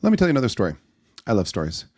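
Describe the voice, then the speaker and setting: Animated, lively-voiced man telling stories. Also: fairly low pitch, rapid-fire, breathy edge, no echo. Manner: animated storyteller, acts out voices in anecdotes. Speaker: podcast guest. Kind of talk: storytelling in a podcast conversation.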